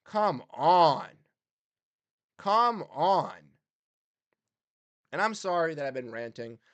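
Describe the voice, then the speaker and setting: A man with a fairly high-pitched voice rants on a sports livestream. He talks heatedly, swinging from loud, emphatic bursts to muttered exasperation. His delivery sounds like a fan venting to his audience. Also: big pitch swings, takes it slowly, no echo. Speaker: sports podcast host. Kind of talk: livestream rant.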